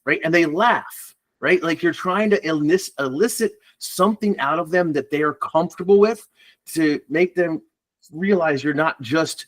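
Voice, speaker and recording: A man's voice: a little high, normal speed. Rambling male recruiter guest. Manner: rambling, hesitant, full of fillers. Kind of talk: casual podcast interview.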